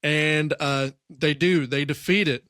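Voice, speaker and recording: A man's voice: fairly high pitch, fairly even intonation, takes it slowly, pushed and bright, clean tone, no echo, studio quality. A man co-hosting a podcast, loosely retelling a film's plot in casual slang. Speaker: podcast co-host. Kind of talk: casual chat.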